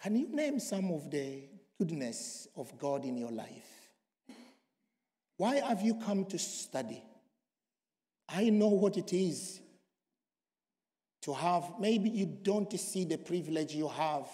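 Slow high-voiced preacher. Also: male voice, very animated. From Congo. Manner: emphatic, swinging from loud to hushed. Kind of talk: sermon. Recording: long hall reverb.

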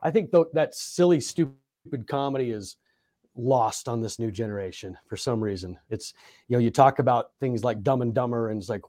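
A man's voice: medium pitch, moderate pace, dark tone, no room sound, clean studio sound. A middle-aged man, a basketball coach, co-hosting a casual sports podcast with a laid-back, laughing manner.

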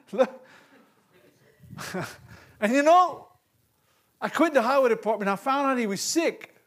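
A man preaching a sermon, swinging from loud, animated calls to hushed asides and laughing between points. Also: very high voice, a little slow, long pauses.

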